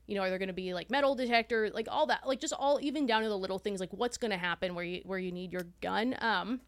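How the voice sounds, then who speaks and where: A woman's voice: medium pitch, quick pace. A young woman from Texas co-hosting a podcast in casual chat, hesitant and full of "like", swearing freely. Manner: chatty, hesitant, heavy use of "like", swears freely. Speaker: podcast co-host.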